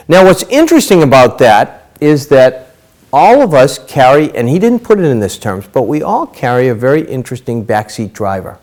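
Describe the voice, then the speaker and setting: A man's voice: mid-range voice, sing-song, moderate pace, darkish tone. A middle-aged man giving a dharma talk as a Zen teacher, telling stories casually with many fillers.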